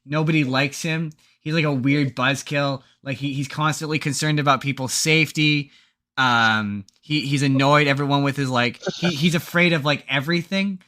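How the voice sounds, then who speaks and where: A man's voice: a little high, steady tone, moderate pace, bright, forceful tone. A man co-hosting a podcast, chatting casually and rambling through movie plots with lots of fillers and restarts. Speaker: podcast co-host. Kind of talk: casual chat.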